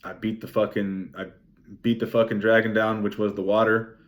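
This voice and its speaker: Young man, vlogger, excited rambling recap, lowish voice, curses a lot. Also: normal speed. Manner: excited, rambling, swears a lot, many "like" fillers. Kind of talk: emotional race recap vlog.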